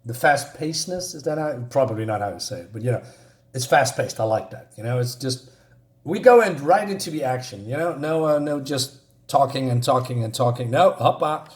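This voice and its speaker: Male comic reviewer, mid-pitched, hesitant and chatty, with lots of ums, upbeat about the book. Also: animated, a little fast. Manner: hesitant, many fillers and restarts; enthusiastic about the art and pace. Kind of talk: casual review reading through a comic.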